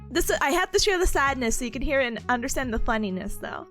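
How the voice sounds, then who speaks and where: A young woman hosting a study stream, telling a personal story in a casual, animated way and laughing often while acting out what she said. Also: sits high, fast talker. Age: young adult. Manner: animated, laughing often, acting out her own past lines. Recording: faint music behind the voice.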